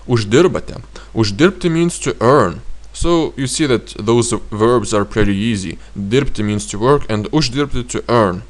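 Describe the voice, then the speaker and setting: A man with a Lithuanian accent teaching grammar in a slow, halting way with frequent fillers. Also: medium pitch. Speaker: language teacher.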